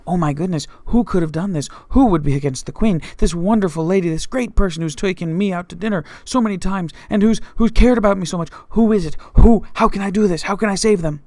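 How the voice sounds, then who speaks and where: A man's voice: sits high, fast talker, hardly any pauses, darkish tone, no room sound, pitched above the performer's own voice. A man putting on a frantic scheming court official. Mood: panicked. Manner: frantic, feigning innocence. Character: panicked scheming court official, male, adult.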